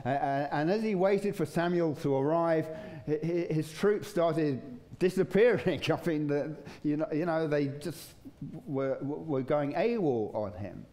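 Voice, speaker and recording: Male pastor, warm low-key sermon delivery, relaxed and chatty. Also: unhurried. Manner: conversational, chuckling, acts out voices in stories. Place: church.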